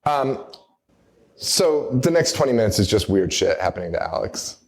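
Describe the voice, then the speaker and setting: A man's voice: lowish voice, big pitch swings, moderate pace, vocal fry. A man co-hosting a live horror movie podcast, recapping a film in a wry, rambling way and laughing through his jokes. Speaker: podcast co-host. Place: live show venue.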